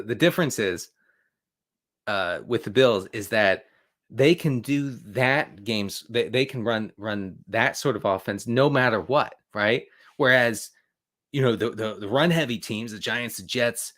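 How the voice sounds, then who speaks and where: A man answering fantasy football questions live, rambling and animated, slipping into sarcastic rants with frequent restarts. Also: mid-range voice. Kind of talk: live Q&A stream, casual sports talk.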